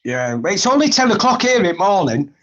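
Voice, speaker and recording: Sweary high-voiced man. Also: big pitch swings, a little fast, fairly bright tone. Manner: sweary, blunt, grumbling. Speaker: live stream panelist. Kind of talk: casual live chat. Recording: dull lo-fi stream audio.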